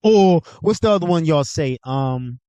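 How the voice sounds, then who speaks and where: A man's voice: on the high side, expressive, unhurried, warm tone, clean tone, no room sound, studio quality. A young adult man hosting his own show, lecturing in a blunt, profane, casual way. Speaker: host. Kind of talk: casual monologue.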